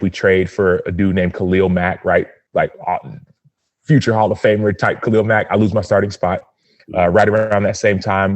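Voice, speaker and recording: Low-voiced man telling a personal story. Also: dry recording. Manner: earnest, animated storytelling with acted-out quotes. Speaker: podcast guest.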